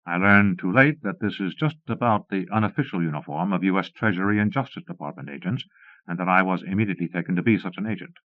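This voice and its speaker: A man narrating an audiobook in a measured, wry first-person reading. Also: low voice, dry recording. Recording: muffled phone-like 1990s cassette recording, dry.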